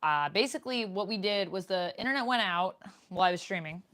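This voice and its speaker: A woman's voice: medium pitch, animated, quick pace, a bit bright. A young woman streamer chatting casually with her viewers in a live Q&A, reading out their comments as she goes. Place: home room, indoors. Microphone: desk microphone.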